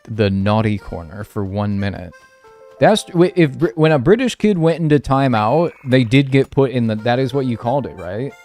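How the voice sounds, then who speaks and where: Man, livestream chat, mock-serious rants, mid pitch, faint background music. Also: expressive, normal speed, darkish tone. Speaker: streamer.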